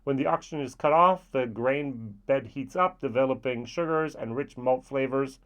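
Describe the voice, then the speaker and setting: A man's voice: medium pitch, moderate pace. Chatty European man reviewing whiskey. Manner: chatty, with playful asides. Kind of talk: casual spoken review.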